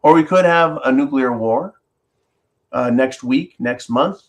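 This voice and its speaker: The host of an opinion show, he has a medium-pitched voice and a measured pace. His delivery is an animated, sarcastic rant full of mock-quoted voices, broken up by viewer comments he reads out loud.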